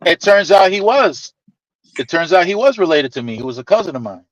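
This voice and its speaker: An animated man tells a casual, profane story and acts out the people in it. His voice sits high for a man and moves around a lot. The sound is close and dry. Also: fairly quick, dry recording, muffled recording.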